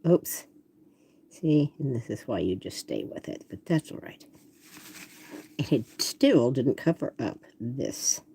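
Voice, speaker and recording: A woman's voice: very deep voice, lively intonation, slow, pauses often, warm tone, breathy edge. An older woman artist who chats casually and talks to herself while she demonstrates drawing.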